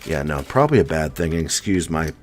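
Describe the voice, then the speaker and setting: A man's voice: extremely low pitch, animated, a little fast. A man from the US East Coast hosting a casual live stream, chatting and answering viewer comments one by one. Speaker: coin roll hunting live streamer.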